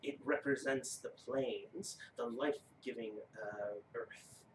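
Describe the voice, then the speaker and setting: Guy doing a grave old giant, slow and low, kinda roomy and far off. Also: noisy background, close to an everyday voice. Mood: solemn. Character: solemn old male giant rune-carver.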